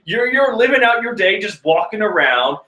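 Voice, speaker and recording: Young guy rambling casually about a comic, bright voice, echoey room. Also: sits high, big pitch swings, normal speed. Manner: chatty, rambling, with frequent fillers. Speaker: manga reaction host. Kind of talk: casual reading and reacting.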